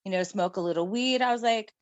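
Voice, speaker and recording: A middle-aged woman tells a story with animated energy and frequent laughter. Her voice sits at an ordinary pitch. The sound is dry and close. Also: quick pace, no echo. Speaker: guest. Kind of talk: casual storytelling chat.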